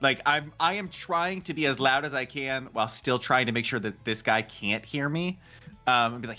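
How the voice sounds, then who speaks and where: Male player, mid pitch, rambling and giggly, faint music behind. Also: moderate pace, bright, forceful tone. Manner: rambling, hesitant, laughing between phrases. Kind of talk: casual tabletop game chat.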